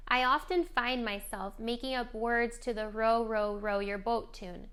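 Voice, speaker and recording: A woman presenting a scripted lesson for parents on modeling language for young children, coaching in a clear, gentle way. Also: fairly high pitch, steady tone, moderate pace. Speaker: speech therapy presenter. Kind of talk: scripted instructional narration.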